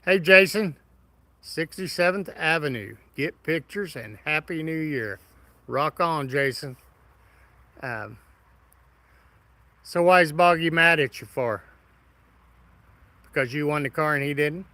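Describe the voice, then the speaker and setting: Folksy man, bright and dry. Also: a little high, takes it slowly, pauses often, dry recording, low-quality recording. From Midwest of the United States. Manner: folksy, friendly, greets viewers by name. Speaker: live stream host. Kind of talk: casual live stream chat reading comments.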